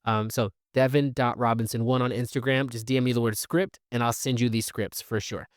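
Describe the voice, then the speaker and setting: A man's voice: medium pitch, brisk, dry recording, studio quality. A man hosting a solo podcast, talking casually with fillers and restarts and acting out the conversations he describes. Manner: animated, acts out quoted conversations. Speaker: podcast host.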